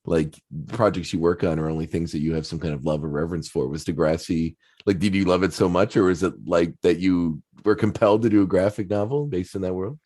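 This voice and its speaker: A man hosting a podcast who asks questions in a casual, halting way, often repeating words as he thinks. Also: sits low, steady tone, warm tone, dry recording, studio quality. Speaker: podcast host. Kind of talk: casual interview chat.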